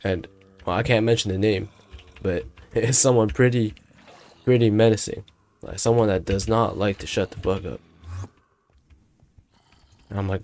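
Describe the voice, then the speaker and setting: A man's voice: lowish voice, normal speed, pauses often, a little mellow. A young man in his late teens, casually telling a story about his school day in a slangy, profane, rambling way. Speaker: student storyteller.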